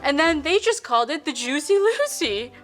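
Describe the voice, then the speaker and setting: A woman's voice: high-pitched, big pitch swings, normal speed, fairly bright tone, soft background music. A woman putting on a chipper 1950s Minnesota housewife with an old-fashioned Minnesota accent, sweet and folksy, demonstrating a recipe in character. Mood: sweet, prim. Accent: put-on old-fashioned Minnesota. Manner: sweet, prim, folksy, with coy innuendo. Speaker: cooking show presenter in character. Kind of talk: comic character cooking demo.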